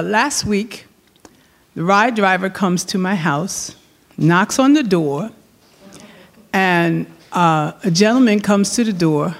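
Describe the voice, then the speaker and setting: Middle-aged woman, slow unhurried speech, personal anecdote, rambling with fillers, frequent laughter. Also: lowish voice. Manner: laughs often while telling.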